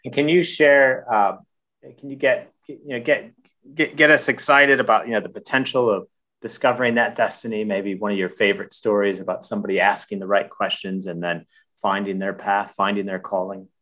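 A male podcast host asks his guests questions in a halting way and often restarts them. His voice sits a little low. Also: steady tone, bright, forceful tone. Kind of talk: interview questions.

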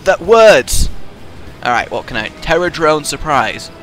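A man giving live gameplay commentary with excitable, swearing trash talk. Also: fairly high pitch, a little slow, faint music behind. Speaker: gaming video host.

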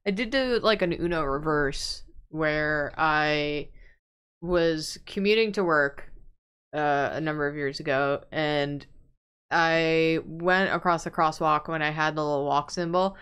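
A woman on a livestream telling a commuting anecdote in a relaxed, halting way. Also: low-pitched, clean tone. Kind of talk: casual chat on a livestream.

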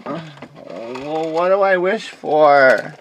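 A woman performing an amateur comedy skit, stammering and mumbling, with bursts of shouting. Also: low-pitched, lively intonation, takes it slowly, slight background noise, rough recording. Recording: music in the background.

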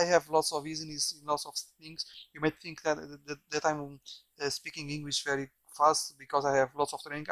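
Here a man from Portugal whose first language is Portuguese walks through some software casually, his slightly high, somewhat bright voice rambling with lots of repeated words and restarts. The mic is poor, though there's no echo.

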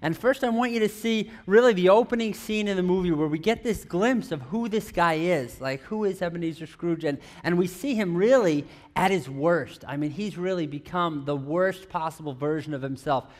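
A man's voice: high voice, moderate pace, few pauses. A man preaching a conversational sermon, often asking the audience questions and adding playful teasing asides. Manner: chatty, asks the audience questions, many restarts. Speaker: pastor.

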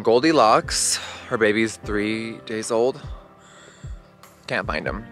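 A man's voice: medium pitch, fairly bright tone. A man vlogging outdoors in a pasture on a handheld camera. He talks casually and frankly, with some swearing. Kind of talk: casual vlog narration. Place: outdoors in a ranch pasture at dawn. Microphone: handheld camera mic.

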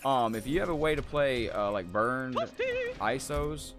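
A man hosting a gaming livestream, chatting casually and excitably over gameplay and greeting viewers by name. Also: mid-range voice, a little slow. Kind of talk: casual live-stream chat over gameplay. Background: game music.

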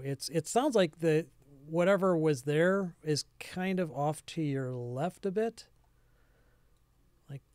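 Slow, halting game master, a man. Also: on the high side, darkish tone, smooth, dry recording. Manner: halting, searching for words. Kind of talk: narrating a tabletop game.

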